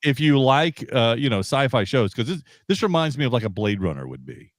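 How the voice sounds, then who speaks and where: A man co-hosting a sci-fi podcast in casual chat, emphatic and animated, repeating words as he builds a point. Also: mid-range voice, brisk, no echo, studio quality. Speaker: podcast co-host.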